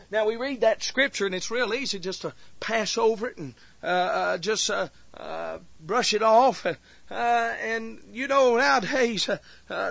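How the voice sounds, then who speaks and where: A man preaching a revival sermon. He moves from low, earnest talk full of filler words to crying, shouted pleas. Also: gravelly, slightly rough, no room sound, lo-fi sound.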